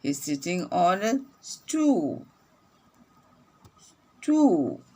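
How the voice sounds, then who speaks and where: A woman teacher reading a phonics lesson aloud to young children, repeating each sentence slowly and clearly. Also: on the low side, very animated, darkish tone.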